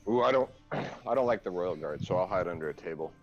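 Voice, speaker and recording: Deep-voiced man playing a game. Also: animated, a little fast, highs cut off, soft background music. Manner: curious, asks questions. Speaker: player. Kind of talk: casual tabletop game play.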